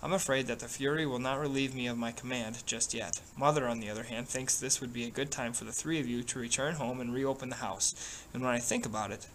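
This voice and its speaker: A weary, stern officer father from a storybook, speaking in a measured, quiet and serious way, as a male reader puts him on. The voice sits at an ordinary middle pitch. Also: steady tone, a little hiss or hum, lightly acted, rough recording. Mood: grave.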